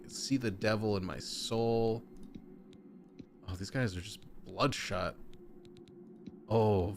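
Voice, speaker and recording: Chatty low-voiced man playing a game. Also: a little hiss or hum. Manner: chatty, excitable oohs while browsing options. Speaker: gaming streamer. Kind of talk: casual gameplay commentary.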